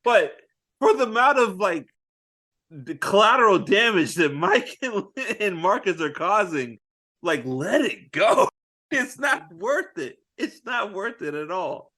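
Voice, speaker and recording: A man co-hosting a casual movie podcast, retelling scenes with animated quoted lines and frequent laughter. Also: sits high, unhurried. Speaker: podcast co-host.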